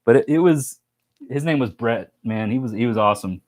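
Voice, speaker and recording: A man's voice: medium pitch, lively intonation, normal speed. A man hosting a casual live stream, telling rambling stories and reading chat comments, with lots of fillers and restarts. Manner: rambling, chatty storytelling with many fillers and restarts.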